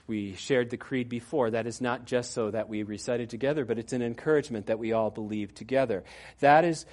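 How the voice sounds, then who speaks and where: A male pastor preaching a sermon in a conversational way, with fillers and asides to the congregation, going soft and quiet toward the end. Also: medium pitch. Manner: drops to a soft, quiet tone at the close.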